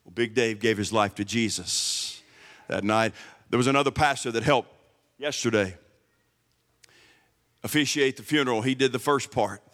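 A man giving a sermon as a guest pastor in a church, swinging from shouted emphasis to low, quiet asides. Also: moderate pace, long pauses, in a large hall. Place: church service.

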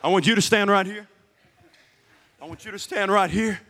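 A man's voice: sits high, normal speed, pushed and bright, big-room sound. A middle-aged man preaching a sermon, emphatic and repeating key words to the congregation. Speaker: guest pastor. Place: church sanctuary.

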